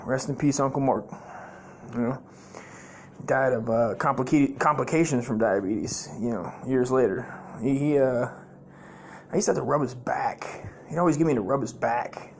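A man's voice: medium pitch, moderate pace, slightly rough. A man hosting his own comedy podcast, telling profane, rambling stories full of fillers and restarts. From United States.

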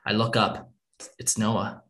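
A man's voice: fairly low pitch, flat delivery, slow pace, fairly bright tone. A man reading a first-person war story aloud in an earnest, somber way. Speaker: narrator.

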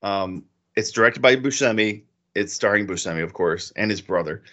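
A man co-hosting a podcast in casual chat, animated, swearing and acting out quotes as he tells stories. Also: fairly low pitch, moderate pace, lo-fi sound. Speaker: podcast co-host.

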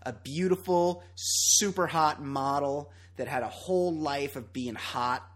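In a casual podcast chat, a man delivers blunt, opinionated rants laced with profanity. His voice sits on the high side and is a bit bright, and he keeps a measured pace.

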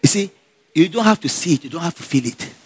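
A man telling a personal story in a casual, animated way, laughing often and acting out the dialogue. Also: a little high, quick pace, breathy edge. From Nigeria.

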